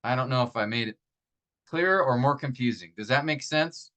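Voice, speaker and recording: A man with a bright, forceful voice and a middle pitch teaching a class. He works through examples patiently, slowing down on key phrases and posing questions to his students before answering them. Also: low-quality recording. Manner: patient, explains step by step with rhetorical questions; many fillers and restarts, slows down to stress example phrases. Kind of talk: classroom grammar lesson.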